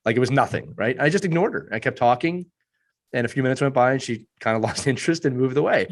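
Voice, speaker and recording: A man in his thirties, a youth hockey coach, talking earnestly on a podcast panel with a hoarse voice and repeating points for emphasis. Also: mid-range voice, animated, fast talker.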